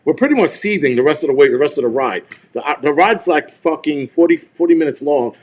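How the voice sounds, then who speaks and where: A man's voice: on the high side, animated, fast. A man hosting a live stream, retelling a tense encounter in a heated, profane, rambling way. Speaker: show host.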